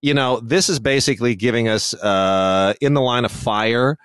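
A man's voice: medium pitch, normal speed, fairly bright tone, clear, resonant tone, no room sound, clean studio sound. A man co-hosting a casual film chat, opinionated and digressive, with frequent restarts. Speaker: film reviewer, podcast co-host.

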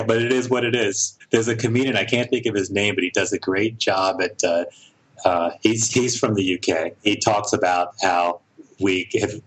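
A middle-aged American man, a director and producer, talks thoughtfully in a casual interview, often pausing and restarting his sentences. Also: lowish voice, poor audio. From United States. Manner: thoughtful, halting, with frequent restarts.

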